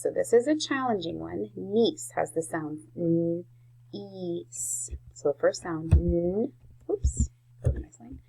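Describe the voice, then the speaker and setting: Gravelly-voiced woman teaching spelling. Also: fairly low pitch, a little mellow, poor audio. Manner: slow, clear sounding-out of words. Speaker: first grade teacher. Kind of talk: spelling lesson for young children.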